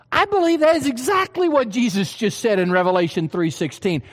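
A man's voice: very high-pitched, lively intonation, quick pace, hardly any pauses, in a large hall. A man preaching a sermon, emphatic and full of questions to his listeners. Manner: emphatic, asks the hearers questions.

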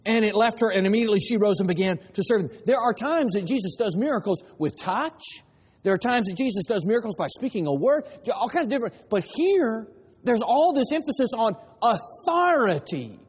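Man, pastor, sermon, emphatic, high-pitched, echoing hall. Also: lively intonation, a little fast, husky. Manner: emphatic, varied delivery with dramatized voices.

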